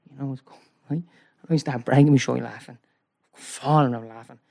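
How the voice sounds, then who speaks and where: A man telling a long, rambling story in casual chat, excitable and peppering his talk with "right?". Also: mid-range voice, a little fast, vocal fry. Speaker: guest.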